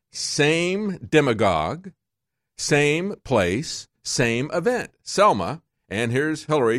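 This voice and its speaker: A man's voice: mid-range voice, no room sound, clean studio sound. A man hosting a political talk show, delivering a mocking commentary monologue with sarcastic asides.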